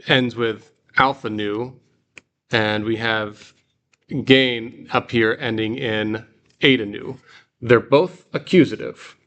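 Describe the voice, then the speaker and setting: A man's voice: mid-range voice, a bit bright. Man teaching a class with patient restarts. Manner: patient, explains step by step with many fillers and restarts. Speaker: Greek teacher. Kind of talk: guided reading lesson in class.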